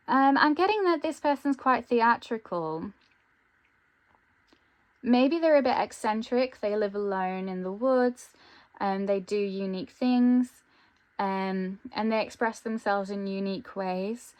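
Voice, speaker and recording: A woman giving an intuitive tarot reading, thinking aloud with frequent pauses and ums. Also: fairly high pitch. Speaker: tarot reader.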